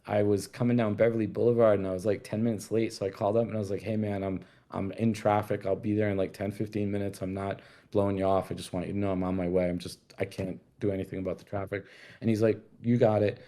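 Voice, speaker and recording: A man's voice: fairly low pitch, level tone, quick pace, warm tone. A man from Rhode Island telling a story as a guest in a casual chat, laid-back and swearing freely while acting out the dialogue.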